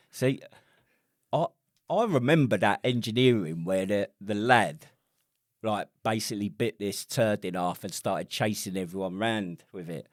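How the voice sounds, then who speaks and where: British man, low voice, dry close sound, sweary laughing army stories, podcast co-host. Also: unhurried, no echo. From United Kingdom. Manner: sweary storytelling, laughing often. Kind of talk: casual chat.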